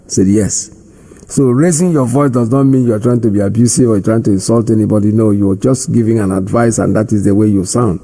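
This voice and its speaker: A man's voice: lowish voice, fairly even intonation, brisk, dark tone. A man hosting a radio call-in show, talking firmly and conversationally as he lectures callers. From Nigeria.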